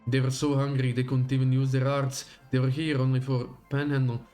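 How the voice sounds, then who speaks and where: A man voicing a stern, grim woman investigator who speaks low, slow and menacing, read aloud from a game story on a livestream. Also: completely flat delivery, dark tone, faint music behind, natural voice. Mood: accusing.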